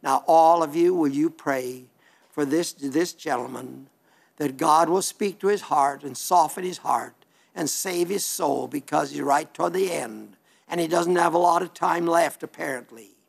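An older man from South Dakota preaches in a plain, homely way, often breaking off and restarting his sentences. His voice is gravelly and sits slightly high for a man. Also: unhurried. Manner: plainspoken, folksy, rambling with restarts. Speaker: radio preacher. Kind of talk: homely broadcast sermon reading listener letters.

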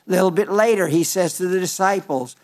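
An older man preaching a sermon, halting and restarting often, slowing and lifting his voice when he quotes scripture. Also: sits high. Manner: halting, with frequent restarts and fillers.

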